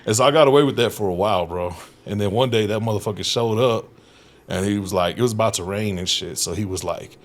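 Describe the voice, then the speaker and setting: A man's voice: fairly low pitch, quick pace. A man guesting on a podcast, telling stories in a casual, profane way, often laughing and acting out what others said. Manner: profane, animated, laughs often, acts out quotes. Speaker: guest comedian. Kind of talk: casual storytelling chat. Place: podcast studio.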